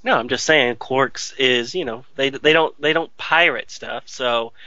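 A man's voice: medium pitch, measured pace, sharp tone, dry recording, muffled recording. A man co-hosting a podcast, chatting casually in a hesitant, rambling way. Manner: hesitant, rambling, self-deprecating. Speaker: podcast co-host. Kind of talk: casual chat.

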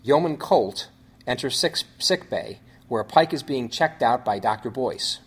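A man hosting a show, reading out a story synopsis in measured phrases with small restarts. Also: medium pitch, expressive, slightly rough.

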